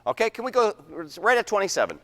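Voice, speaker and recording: Guy conducting a band, counts off loud, sings the parts, slightly high voice, long echo in the hall. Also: wildly swooping pitch, fast talker. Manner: sings rhythms aloud, counts off loudly. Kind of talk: rehearsal instruction to a wind band. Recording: echoey hall.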